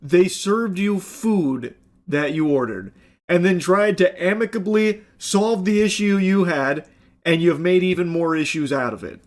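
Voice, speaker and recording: A man's voice: sits high, measured pace. A man commenting on a video clip in a sarcastic, exasperated way, swearing bluntly. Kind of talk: reaction commentary.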